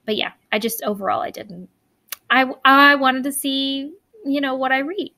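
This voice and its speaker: A woman co-hosting a podcast in casual chat, talking fast and loose with lots of fillers and restarts. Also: sits high, pushed and bright, no echo. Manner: chatty, many fillers and restarts. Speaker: podcast co-host.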